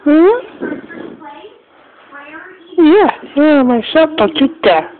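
Woman, very high voice, coaxing pet talk, tinny lo-fi home video. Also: big pitch swings, takes it slowly. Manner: coaxing sing-song pet talk, calling the animal's name over and over. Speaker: pet owner filming her guinea pig.

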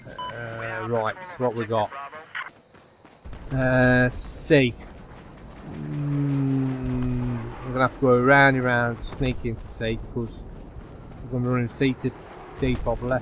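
A man giving live commentary over his own online shooter match, dropping to low muttering and then yelping loudly when the action heats up. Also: takes it slowly, pauses often, faint music behind. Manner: excitable, swings from low muttering to loud yelps. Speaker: gaming YouTuber.

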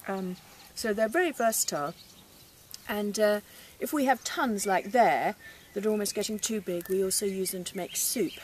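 A woman's voice: medium pitch, moderate pace. Chatty English woman, gardening outdoors. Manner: chatty and enthusiastic, with fillers. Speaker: gardening presenter. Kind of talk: casual how-to demonstration. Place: outdoor vegetable garden, rural. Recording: distant mic outdoors with background noise.

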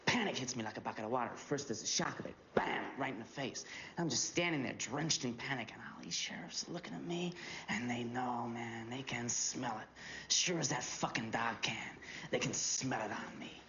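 An actor playing an edgy young man telling a profane, animated drug-deal story. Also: medium pitch, normal speed, a little hiss or hum. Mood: tense. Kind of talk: film dialogue. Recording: dull film audio with music underneath.

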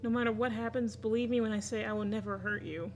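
A woman's voice: on the high side, fairly even intonation, fast talker, soft background music, close to an everyday voice. A woman reading aloud the lines of an obsessive, clingy young man from a game, in her own everyday voice. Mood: earnest. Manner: reads game dialogue aloud plainly.

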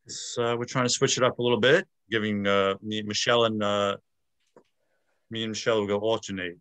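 Man, low and dry, hosts a video call, halting, many "uh"s. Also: steady tone, a bit bright, smooth, dry recording. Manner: hesitant, with frequent fillers and restarts. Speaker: meeting moderator. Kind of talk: casual video-call chat.

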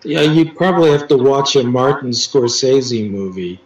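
A man, a poet, telling stories as an interview guest in a halting way, with many restarts and dry teasing. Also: medium pitch. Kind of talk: casual storytelling interview. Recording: roomy, distant, dull sound with faint music.

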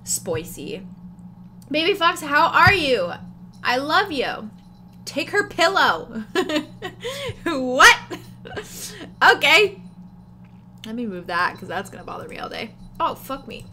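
Bubbly high-voiced woman streaming. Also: sing-song, slow pace, pauses often, pushed and bright, slight background noise. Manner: bubbly, giggly, greets chat by name. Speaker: livestreamer. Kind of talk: casual livestream chat. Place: home. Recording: background music under voice.

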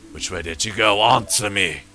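A man voicing an arrogant male villain king who taunts in a slow, booming way. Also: sharp tone, soft background music. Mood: threatening.

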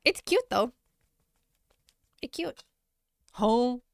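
A woman streaming as an artist, chatting casually with viewers while she draws, self-deprecating and quick to laugh, on a close mic. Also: on the high side, lively intonation, vocal fry, dry recording.

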